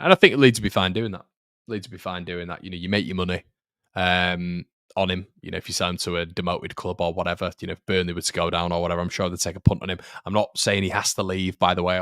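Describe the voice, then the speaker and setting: A man hosts a football fan live stream in a loose, conversational way, often repeating himself and answering viewers' comments as they come in. His voice sits low. It is recorded close and dry, with no room sound. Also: fairly bright tone, dry recording. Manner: chatty, repeats phrases, reads viewer comments. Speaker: fan channel host.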